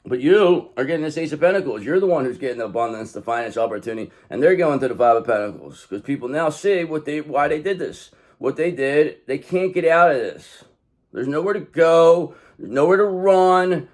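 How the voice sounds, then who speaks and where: A man's voice: medium pitch, expressive, a little fast, few pauses. A man giving a casual tarot card reading, blunt and profane, rambling as he talks straight to the viewer. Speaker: tarot reader.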